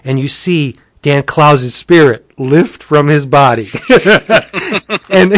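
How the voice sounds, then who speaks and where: A man's voice: fairly high pitch, unhurried, dry recording. A man chatting casually as a podcast host, eagerly retelling a comic story with swearing and energy. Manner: animated, enthusiastic, profane storyteller.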